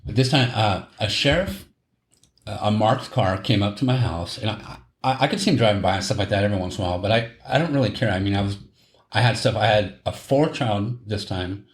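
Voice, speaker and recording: A man's voice: on the low side, animated, a little fast. A middle-aged man, telling a long story on a podcast, rambling and correcting himself and laughing at his own tale. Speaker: podcast host. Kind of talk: casual storytelling chat. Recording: roomy echo.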